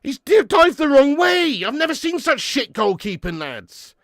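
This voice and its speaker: A man hosting a live football watch-along, swearing freely, getting excited and reading out viewer comments. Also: extremely high pitch, measured pace, no echo, clean studio sound. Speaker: fan channel host.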